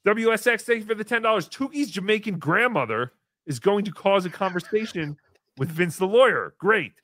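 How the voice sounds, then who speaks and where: Man, livestream host, sarcastic, jokey, bright, dry close mic. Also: high-pitched, fairly quick, no echo. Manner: animated, jokey, sarcastic, swings between loud bursts and mumbled asides. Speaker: host reading paid chat messages. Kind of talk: casual livestream banter.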